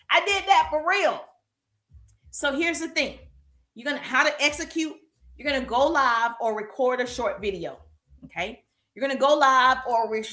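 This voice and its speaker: High, bright-voiced energetic woman coach. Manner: energetic, emphatic, animated with repeated "okay?" and "right?". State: warm and perspiring from exercise. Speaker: business coach. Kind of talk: live-streamed coaching talk. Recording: echoey room.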